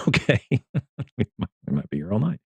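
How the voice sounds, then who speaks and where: Male turf scientist guest, low voice, earnest, animated storyteller, dry sound. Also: normal speed, gravelly, slightly rough, no room sound. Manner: earnest, repeats words and restarts phrases. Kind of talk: casual livestream discussion.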